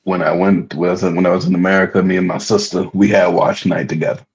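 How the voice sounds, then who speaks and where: A man's voice: sits low, little pitch movement, fast talker. A man speaking bluntly and dismissively in a heated discussion. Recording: dull lo-fi audio.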